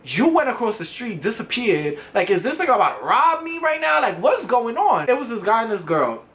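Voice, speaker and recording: A young man telling a story on his vlog, animated and profane, with sudden jumps in pitch. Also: a little fast. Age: young adult. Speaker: vlogger.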